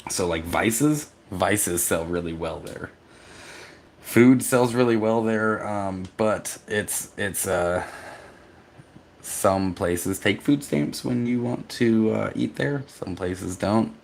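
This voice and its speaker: A man from Texas, a vlogger, reading his chat aloud and answering in a rambling, halting way, tired from poor sleep. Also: lowish voice, vocal fry, slight background noise. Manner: rambling, halting, with restarts and laughs. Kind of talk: casual live-stream chat.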